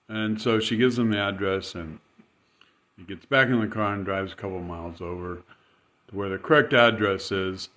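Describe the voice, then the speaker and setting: A man's voice: lowish voice, unhurried, pushed and bright. A man casually telling a rambling, chatty anecdote, chuckling as he goes. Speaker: storyteller.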